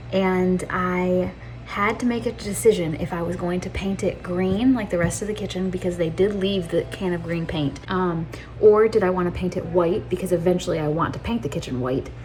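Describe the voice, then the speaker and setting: A woman talking casually through her home renovation, chatty and quick to laugh, thinking aloud as she works indoors. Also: on the low side, a little mellow, slight background noise. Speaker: homestead vlogger. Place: inside a house being renovated.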